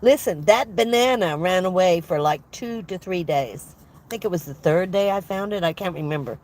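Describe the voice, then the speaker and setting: A woman's voice: lowish voice, normal speed, darkish tone. An older woman chatting casually on a livestream from her van, congested with a head cold, rambling and laughing often as she greets viewers. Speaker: van life vlogger hosting a livestream.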